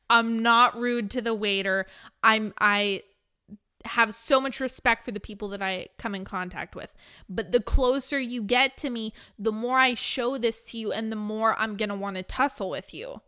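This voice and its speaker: Blunt woman with a bright voice. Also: fairly high pitch, normal speed, smooth. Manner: blunt, candid, laughs often. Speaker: spiritual teacher. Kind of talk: live teaching with Q&A.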